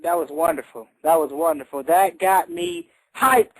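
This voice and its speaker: A man's voice: a little high, moderate pace, fairly bright tone, dry recording, low-quality recording. A man co-hosting a radio show, chatty and confident, often laughing as he answers quiz questions. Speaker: quiz contestant and co-host. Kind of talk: casual radio chat. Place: radio studio.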